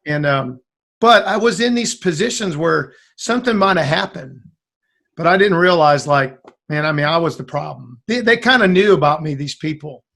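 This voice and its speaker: A man's voice: on the high side, normal speed, creaky. A man chatting as a guest musician, telling a long rambling story and acting out what other people said. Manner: rambling, animated, acts out quoted lines. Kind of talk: casual storytelling.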